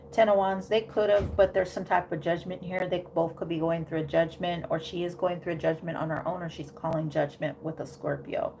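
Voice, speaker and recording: A woman's voice: lowish voice, vocal fry, a little mellow, slight background noise. A woman giving a casual tarot reading, thinking aloud with many fillers and frequent "okay?" check-ins. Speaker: tarot reader.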